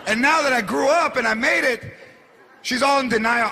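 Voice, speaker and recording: A man doing shouty, animated stand-up storytelling on a live stage. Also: very high voice, moderate pace. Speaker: stand-up comedian. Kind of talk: stand-up comedy. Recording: live stage, loud crowd, noisy.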